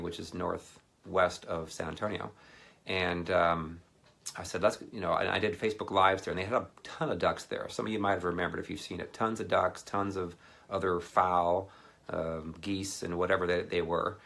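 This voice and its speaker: A ministry speaker with a deep voice and vocal fry gives a casual, rambling sermon at normal speed. He recounts a personal anecdote, animatedly acting out what other people said.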